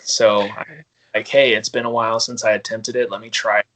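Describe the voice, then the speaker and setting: This podcast guest speaks a little fast in a fairly low, level, slightly bright voice. Laughing often, he tells prank stories in a relaxed, chatty way and performs the other people's lines himself.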